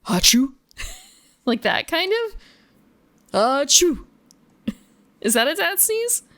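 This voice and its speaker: Speaking slowly in a very high-pitched, very animated voice with a fairly bright tone, a woman chats with her stream between bouts of gaming. She muses, laughs often and broadcasts from home, with no room sound.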